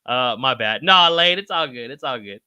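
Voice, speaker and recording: A male livestream host with a bright, lively voice that leaps upward whenever he gets excited. He talks in loose slang, cursing often and calling out viewers by name. The sound is dry and close, with no room around it. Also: normal speed, clear, resonant tone, no room sound. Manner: swears freely, slangy, shouts out chatters by name; pitch jumps high when excited. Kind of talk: casual livestream chat reading comments.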